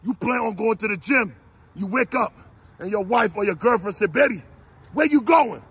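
A man with a raspy, gravelly voice giving a fiery motivational speech, shouting repeated exhortations like a preacher. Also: high-pitched, normal speed. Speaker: motivational speaker.

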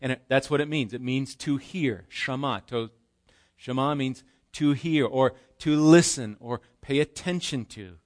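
A man's voice: mid-range voice, measured pace. A man preaching a live sermon in a church, explaining scripture conversationally with rhetorical questions. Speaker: pastor.

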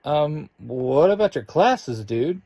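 A man's voice: on the high side, animated, slow, vocal fry, dark tone, no room sound, pitched above the performer's own voice, full character voice. A man voicing a laid-back teenage boy who drawls, in a storybook reading. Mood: drawling.

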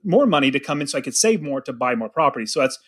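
A man's voice: mid-range voice, very animated, rapid-fire, fairly bright tone. A man hosting a casual business interview, asking long framed questions and sharing his own experience. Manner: asks long framed questions, voices hypothetical listeners. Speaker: podcast host.

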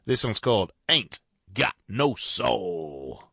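Gravelly-voiced male radio host. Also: fairly low pitch, sing-song, slow pace, background noise. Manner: chatty, rambling, upbeat. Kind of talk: casual radio presenting. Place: radio studio.

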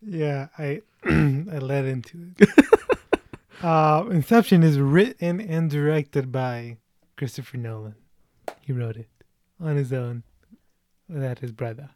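A man's voice: fairly high pitch, slow pace, pauses often, darkish tone, no echo, clean studio sound. A man in his twenties hosting a casual movie chat, chatty, with lots of fillers and laughter. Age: 20s. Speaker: movie reaction host.

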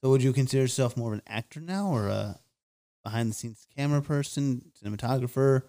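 A male host asks questions in an easygoing interview. He drops teasing jokes between questions. His pitch sits in an ordinary middle range. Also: fast talker, mellow. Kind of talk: casual chat.

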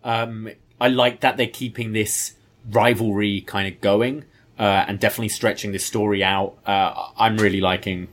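A man's voice: lowish voice, fairly even intonation, normal speed. A man co-hosting a podcast, sharing thoughtful opinions on wrestling in casual chat with frequent fillers. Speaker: podcast co-host.

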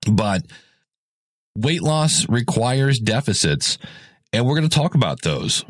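A man's voice: mid-range voice, very animated, takes it slowly, no room sound. A man hosting a casual solo podcast, chatty and rambling, often correcting himself mid-sentence. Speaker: podcast host.

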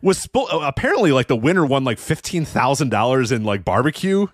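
A man co-hosting a wrestling podcast, talking casually in a quick, animated way. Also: mid-range voice, no echo. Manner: quick, animated, laughs easily. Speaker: podcast co-host.

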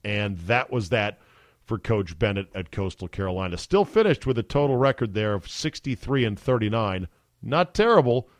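A man's voice: mid-range voice, no echo. Chatty male podcast host, dry sound. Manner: chatty, easily amused, filler-heavy. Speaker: sports radio podcast host. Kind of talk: casual podcast chat.

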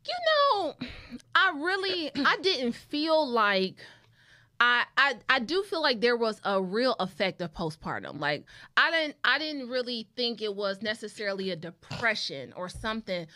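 A woman's voice: fairly high pitch, very animated, measured pace, bright, forceful tone. A woman in her thirties telling a story in a casual chat and talking straight to the audience as y'all. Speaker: guest.

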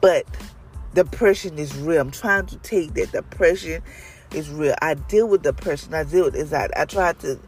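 A devotional leader shares a personal testimony in an earnest, conversational, prayerful way. Her voice is low and darkish in tone, her pace moderate, with faint music playing behind her.

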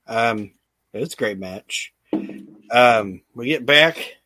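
A man hosting a casual podcast, narrating with lively energy and plenty of swearing. His pitch sits at an ordinary middle level. The sound is dry and close, with no room around it. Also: slow, no room sound. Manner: animated storytelling with loose swearing and acted-out quotes. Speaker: podcast host recapping wrestling shows.

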